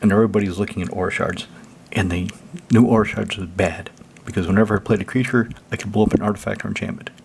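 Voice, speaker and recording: A man's voice: fairly low pitch, steady tone, fast, creaky, a little hiss or hum. A man hosting a casual deck walkthrough, rambling loosely and swearing freely. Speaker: deck-building channel host.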